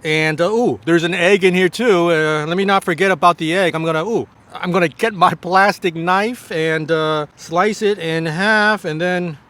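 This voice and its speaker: A man giving a casual food review to camera, effusive and full of drawn-out exclamations, with halting restarts between bites. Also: sits high, fairly even intonation, fairly bright tone. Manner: effusive, many drawn-out exclamations while tasting. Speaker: food vlogger.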